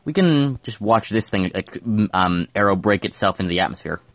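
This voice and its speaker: A man's voice: on the low side, animated, fairly quick, no room sound. A man giving casual gameplay commentary, thinking aloud and mumbling with fillers as he plays at home. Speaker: gameplay streamer.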